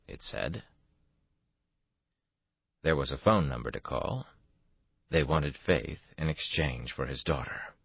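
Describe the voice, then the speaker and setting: A man narrating a thriller audiobook in a steady, dramatic way. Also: very deep voice, slow pace, vocal fry, pauses often, slightly rough, no room sound, dull audio. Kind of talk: scripted narration.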